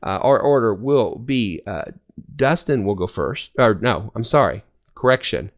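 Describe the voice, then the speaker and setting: A man hosting a casual fan podcast, running a trivia game and telling stories with quick laughs. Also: on the low side. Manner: animated storyteller, quick laughs. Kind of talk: casual group chat.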